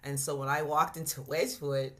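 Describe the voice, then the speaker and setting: A woman with a low voice shares a personal testimony in a church gathering. She talks in a reflective, halting way, pausing on fillers and starting over as she finds her words. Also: little pitch movement. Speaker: congregation member sharing testimony.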